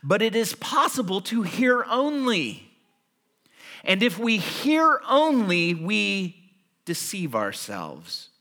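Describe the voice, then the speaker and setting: A man delivering a sermon from the pulpit, his voice high and bright. He swings his pitch widely as he tells everyday stories and acts out little scenes. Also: slow pace. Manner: animated storytelling, acting out everyday scenes. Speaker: pastor.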